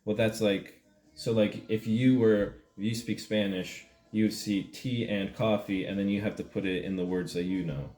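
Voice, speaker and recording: Low, mellow man feigning confusion. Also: normal speed. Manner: feigned confusion, deadpan rambling. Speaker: comedic video host. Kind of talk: mock language tutorial, casual chat. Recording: roomy sound with faint music.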